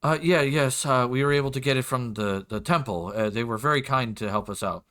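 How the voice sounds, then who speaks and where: A man's voice: medium pitch, fairly quick, a bit bright, lightly acted. A man voicing a nervous woman, a worried mother who stammers through her answers.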